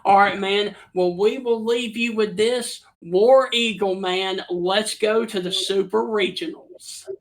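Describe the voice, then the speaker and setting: A man's voice: high-pitched, steady tone, a little slow, hardly any pauses. A man hosting a casual sports talk show, upbeat and given to cheering. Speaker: host.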